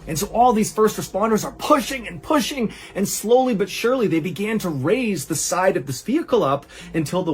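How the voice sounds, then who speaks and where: A man hosting a storytelling show, narrating a true horror tale in a conversational way, full of "and so" and "like", dropping low and quiet at grim moments. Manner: animated, rises high for quoted cries; conversational, uses "like" and "and so". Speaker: storyteller host.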